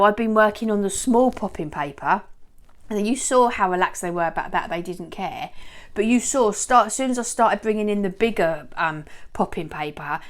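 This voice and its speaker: A dog owner shows her training methods in a casual how-to vlog, chatting in a rambling way and frequently encouraging her dogs. She speaks at medium pitch with a slightly bright tone.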